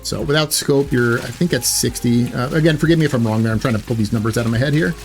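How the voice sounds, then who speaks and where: A man's voice: medium pitch, fast, soft background music. A man giving casual gameplay commentary in a chatty way, correcting himself often with loose filler words. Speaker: gaming YouTuber.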